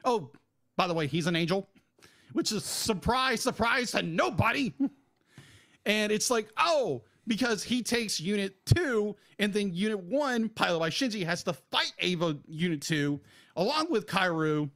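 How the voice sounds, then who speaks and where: High gravelly guy ranting on a podcast, fired up and exasperated. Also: expressive, measured pace, a bit bright. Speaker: podcast co-host. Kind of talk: casual podcast review.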